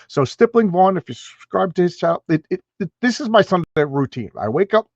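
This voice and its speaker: A man's voice: high-pitched, very animated, brisk, few pauses, no echo, highs cut off. Chatty man reviewing comics on stream. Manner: chatty, emphatic, frequent restarts. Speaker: comic book channel host. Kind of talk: casual livestream comic review. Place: home room with stacks of comics.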